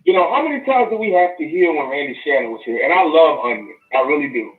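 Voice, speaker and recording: A woman co-hosting a sports talk show, answering calmly in casual chat. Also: sits low, fast talker, reverberant, phone-quality sound.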